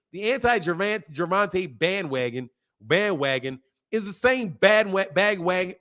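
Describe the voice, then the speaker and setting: A man hosting a boxing channel, talking in a casual, opinionated way, animated and laughing often as he answers his chat. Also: high-pitched.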